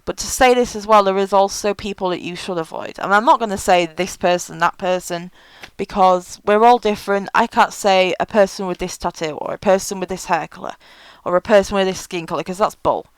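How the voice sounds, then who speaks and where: A woman's voice: medium pitch, a little fast, few pauses, smooth, no echo, poor audio. A woman giving frank, chatty advice in a casual vlog, with many fillers. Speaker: vlogger.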